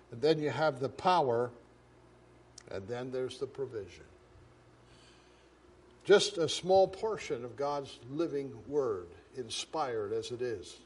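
A man's voice: medium pitch, lively intonation, slow, pauses often, darkish tone, slightly rough. A man preaching a sermon, emphatic, building up in volume on repeated phrases. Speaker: pastor.

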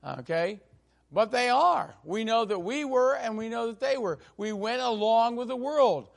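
Man, pastor, sermon, gravelly voice, emphatic slow stresses, fillers. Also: very high-pitched, animated.

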